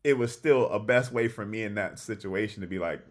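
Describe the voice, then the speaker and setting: A man's voice: fairly low pitch, fairly quick. A man co-hosting a relationship podcast, talking casually and acting out little stories with quoted lines. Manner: animated storytelling, acts out quotes. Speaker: podcast co-host. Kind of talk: casual conversation about relationships.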